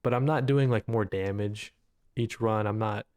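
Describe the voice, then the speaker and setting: A man's voice: on the low side, normal speed, darkish tone. Rambling male co-host in casual chat. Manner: rambling, heavy with fillers like "you know what I mean", casual swearing. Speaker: podcast co-host.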